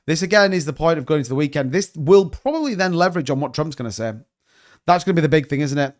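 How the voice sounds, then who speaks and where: A man's voice: fairly high pitch, expressive, fast talker. A man hosting a casual livestream, joking and bantering as he reads out chat comments. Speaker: crypto livestream host.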